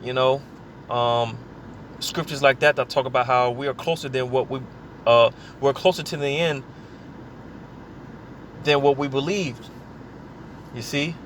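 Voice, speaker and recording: A man preaching informally, reading scripture aloud slowly and talking casually, often saying "man" and "you know" between thoughts. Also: mid-range voice, steady tone, fairly bright tone, slight background noise. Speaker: scripture teacher.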